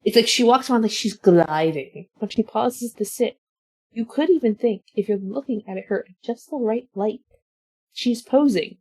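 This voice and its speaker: A woman playing in a tabletop game, telling the scene in an animated way with lots of "like". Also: on the high side, normal speed, breathy edge. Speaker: player. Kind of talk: casual tabletop game chat.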